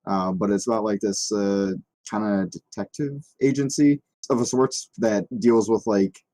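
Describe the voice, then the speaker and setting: A man guesting on a casual podcast with a low, dark, mellow voice. He talks in a low-key way and laughs easily. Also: steady tone, normal speed. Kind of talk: casual chat.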